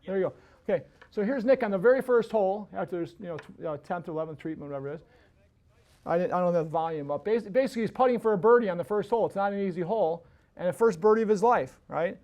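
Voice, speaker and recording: A man's voice: sits high, fast talker, darkish tone. A man hosting a podcast, telling a casual story that rambles with many restarts and tag questions. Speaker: podcast host.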